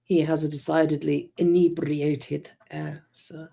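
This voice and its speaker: A woman's voice: sits low, flat delivery, a little slow, vocal fry, mellow, breathy edge, pitched below the performer's own voice, heavily acted. A woman voicing an unflappable male valet in a comic novel read aloud, formal and deferential. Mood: unruffled.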